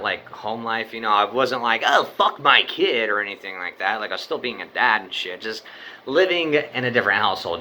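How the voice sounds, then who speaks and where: A man's voice: on the low side, bright, forceful tone, a little hiss or hum. A young man telling a story from his own life in a loose, rambling way, swearing often and filling his talk with "like" and "you know.". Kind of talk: casual spoken storytelling.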